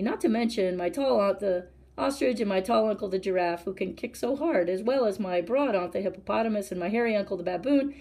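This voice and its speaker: A woman's voice: medium pitch, creaky, darkish tone. A woman voicing a curious, very polite young male elephant calf in a storytime read-aloud. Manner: very polite, eager.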